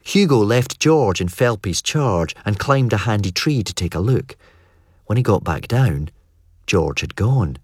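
Low, lively male narrator. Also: measured pace, slightly rough, no echo, studio quality. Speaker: audiobook narrator. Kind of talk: scripted narration.

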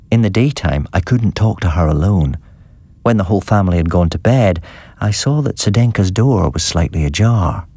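Deep, husky man reading a story. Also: a little mellow, no room sound. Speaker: narrator.

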